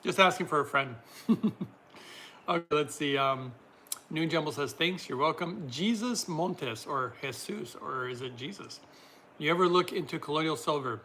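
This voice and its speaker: On a laid-back livestream, a man reads viewers' comments out loud and replies to each, chatting and laughing a lot. His slightly high voice is very bright and forward, with a faint room hiss beneath it. He talks at a moderate pace, keeping things loose and friendly.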